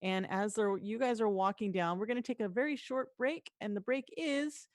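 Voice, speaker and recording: A woman narrating as game master of a tabletop game, lively and quick to voice the townsfolk. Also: mid-range voice, no room sound, studio quality.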